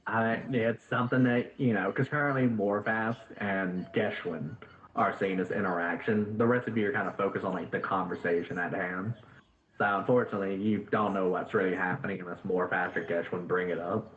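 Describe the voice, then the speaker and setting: A man's voice: low voice, steady tone, a little fast. A man narrating as dungeon master, rambling with lots of fillers. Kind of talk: narrating a tabletop game. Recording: echoey, tinny voice-chat line.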